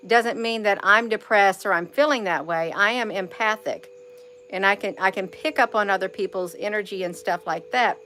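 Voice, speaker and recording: A woman's voice: medium pitch, moderate pace, sharp tone, slight background noise. A woman talking to her viewers in a loose spiritual monologue, repeating her phrases and saying "you all" to the viewers. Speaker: vlogger.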